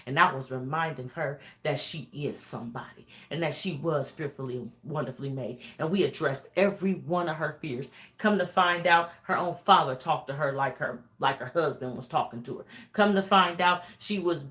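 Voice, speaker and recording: A woman's voice: low-pitched, moderate pace, a bit bright. A woman life coach giving an emphatic motivational talk. She repeats her points over and over and laughs often.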